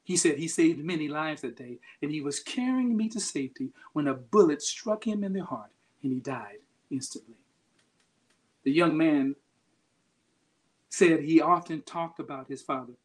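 Preacher telling a story in a sermon, pitch all over the place, very emphatic. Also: animated, measured pace. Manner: emphatic, dramatic swings in loudness.

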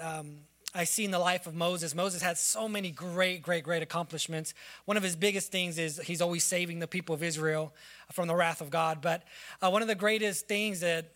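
A man's voice: high voice, sharp tone. A man giving an emotional farewell tribute in church, declaring blessings and holding back tears. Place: church sanctuary.

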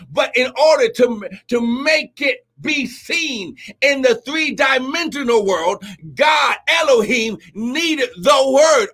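A man preaching a livestream sermon as pastor, teaching slowly, then shouting, crying out and speaking in tongues. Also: extremely high pitch, slightly rough. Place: church livestream with music behind.

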